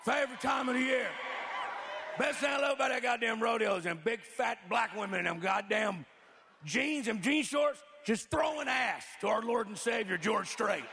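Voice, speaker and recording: A man doing a loud, crude stand-up set. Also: very high voice, normal speed, creaky. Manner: loud, crude, drawling delivery. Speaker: stand-up comedian. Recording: live club with crowd noise.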